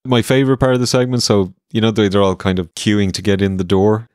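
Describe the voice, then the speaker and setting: Low-voiced relaxed male podcaster. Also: fast, no room sound, clean studio sound. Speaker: podcast co-host. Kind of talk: comedic wrestling review chat.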